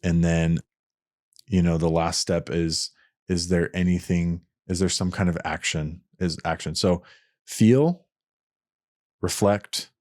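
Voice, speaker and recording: A man's voice: low voice, little pitch movement, unhurried, a little mellow, dry recording, studio quality. A man hosting a podcast, talking through ideas alone in an earnest, explanatory way and often restarting his sentences. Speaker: podcast host. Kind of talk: reflective solo podcast talk.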